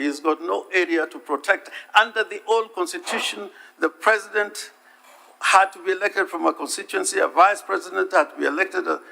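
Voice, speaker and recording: A man giving a formal legal submission to a senate, deliberate and emphatic, stressing and repeating key words. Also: high voice, vocal fry, sharp tone. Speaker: counsel addressing the Senate. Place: legislative chamber.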